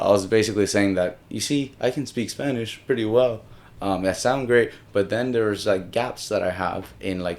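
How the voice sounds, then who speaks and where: A man's voice: on the low side, a little mellow. A young man from Miami rambling casually on camera, with many restarts and some swearing, moving between English and Spanish. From Miami, Florida. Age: young adult. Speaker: solo video host. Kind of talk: casual monologue.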